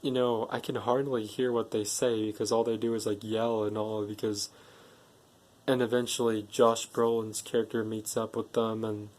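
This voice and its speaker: A man's voice: fairly low pitch, level tone, moderate pace, darkish tone. A man recapping a movie's plot casually, stringing events together with "and then" and "like". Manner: rambling plot retelling, strings clauses with "and then" and "like". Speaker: movie reviewer.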